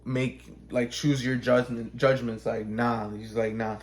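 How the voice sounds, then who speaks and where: A man in casual chat, telling a story in a loose, profane way full of "like", acting out characters in quick bursts. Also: medium pitch, flat delivery. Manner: acts out characters with quick voice changes.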